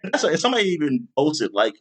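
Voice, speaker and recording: A man hosting a podcast in casual chat, rambling with lots of fillers and bursting into loud exasperation. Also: fairly high pitch, fast talker. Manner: rambling, animated, with many fillers. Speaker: podcast host.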